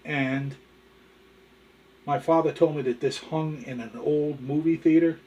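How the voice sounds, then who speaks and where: A man's voice: fairly high pitch, fairly even intonation, unhurried, mellow, muffled recording. A male show host telling corny jokes and showing collectibles in a folksy, chatty way. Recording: distant from the mic.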